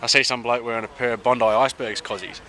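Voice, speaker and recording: A man's voice: mid-range voice, steady tone, fast talker, pushed and bright. A man from Sydney with an Australian accent, chatting upbeat to camera on a travel vlog, outdoors by a river. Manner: chatty and upbeat, with slangy asides. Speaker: travel vlogger. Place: outdoors by a river on a hot day.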